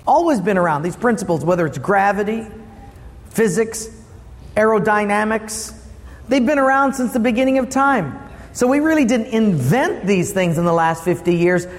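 A man preaching a sermon as pastor, lively and asking the congregation questions. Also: sits high, normal speed, long reverb tail.

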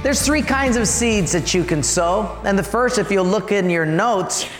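A male pastor giving a sermon, animated and storytelling, asking the congregation to join in. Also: high-pitched, a little slow, echoey room, big-room sound, faint music behind.

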